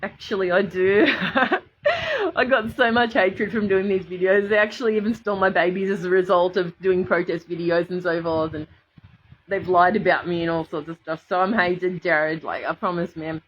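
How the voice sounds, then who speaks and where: A woman's voice: on the low side, steady tone, moderate pace, lo-fi sound, a little hiss or hum. An Australian woman rambling to her viewers on a livestream, emotional and swearing freely, answering commenters as she goes. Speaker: vlogger addressing viewers.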